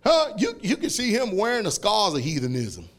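A man preaching a fiery sermon, shouting and laughing as he tells stories. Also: high-pitched, moderate pace. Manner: loud, shouting, laughing, animated storytelling.

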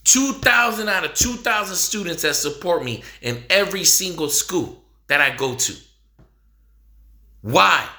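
A man, delivering an impassioned monologue full of repeated rhetorical questions and swelling toward a shout. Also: high voice, animated, a little slow. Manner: repetitive, rhetorical questions, rising to near shouting. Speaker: speaker addressing the nation. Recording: echoey room.

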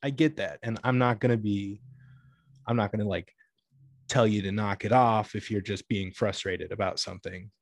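A man's voice: lowish voice, fairly even intonation, moderate pace, no echo, clean studio sound. A young man talking in a casual chat, rambling with lots of filler words and free swearing. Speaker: guest.

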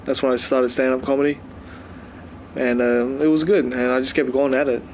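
A young man talks casually in an interview, pausing and hesitating often. Faint background noise is heard. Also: mid-range voice, little pitch movement, darkish tone.

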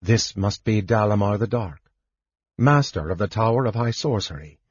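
A man narrating an audiobook in a measured, deliberate way. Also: lowish voice, expressive, husky, no echo. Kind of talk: scripted narration. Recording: dull lo-fi recording.

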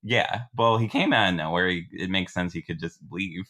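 A man's voice: low-pitched, moderate pace, pushed and bright. A man running an improvised story game as game master, asking playful leading questions.

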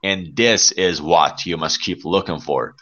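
A young man from Iran hosting a casual live stream chat, friendly and relaxed, calling his guest pal. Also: low voice, measured pace, highs cut off. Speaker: livestream host.

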